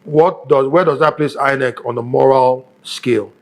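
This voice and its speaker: A man's voice: mid-range voice, fairly even intonation, moderate pace. A man, a guest giving emphatic news commentary on a morning show and repeating points for stress. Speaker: guest analyst.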